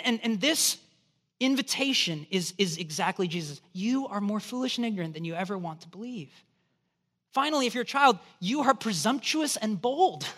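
A man's voice: high voice, bright, forceful tone. A middle-aged male pastor preaching a sermon, telling stories animatedly and acting out little asides with rising emphasis.

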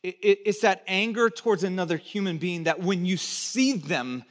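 This middle-aged U.S. pastor gives a sermon with a voice that sits high for a man, speaking expressively at a moderate pace. He treats the congregation like conversation partners, asking them to repeat words and cracking jokes, and ranges from loud emphasis to quiet, low lines.

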